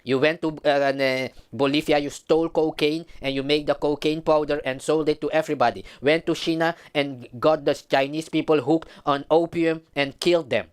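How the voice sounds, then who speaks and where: A man's voice: on the high side, fairly even intonation, normal speed, hardly any pauses, smooth. A man from Suriname, giving a heated, emphatic commentary vlog.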